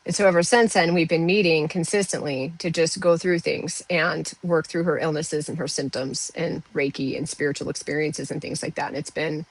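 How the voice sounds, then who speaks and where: A woman's voice: low voice, husky, no echo, poor audio. A woman who works as an intuitive health medium, telling a personal story casually to her viewers with lots of "like" and "you know". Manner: chatty, uses "like" and "you know" fillers.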